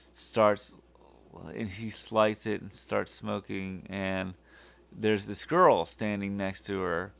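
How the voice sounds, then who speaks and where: A man hosting a podcast, retelling a TV episode in a halting, casual way with many fillers and restarts. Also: lowish voice, gravelly, fairly bright tone, no room sound. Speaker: podcast host.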